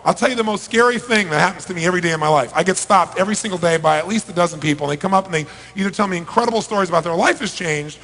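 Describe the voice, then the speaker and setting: A middle-aged man giving an emphatic motivational seminar talk to a large crowd, firing rhetorical questions at them and swinging between loud and soft. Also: sits high, racing, few pauses. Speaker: motivational speaker. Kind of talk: live seminar talk to a big audience. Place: large event hall. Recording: reverberant large hall.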